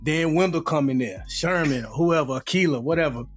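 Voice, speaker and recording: A man, co-hosting a podcast and telling a story in a casual, animated way, laughing and acting out his friends' voices. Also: on the high side, moderate pace, breathy edge, faint music behind. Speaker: podcast co-host.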